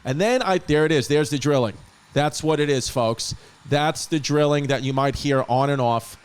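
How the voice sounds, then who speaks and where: A man's voice: a little high, normal speed, clear, resonant tone. A man hosting a podcast in a casual, joking manner, rattling off dates and teasing his guest. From United States. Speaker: podcast host.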